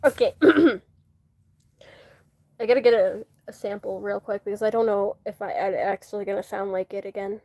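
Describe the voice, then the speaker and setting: A woman's voice: medium pitch, moderate pace, gravelly, mellow, no room sound. A woman who is sick and sniffling, chatting casually and giggling while she shows her drawings. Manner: giggly, laughs often, self-mocking. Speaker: artist showing her drawings.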